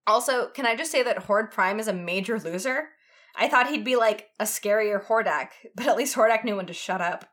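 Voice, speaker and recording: A woman's voice: medium pitch, brisk, a bit bright, natural voice. A woman reading a story aloud, voicing a young warrior woman who is firm and teasing.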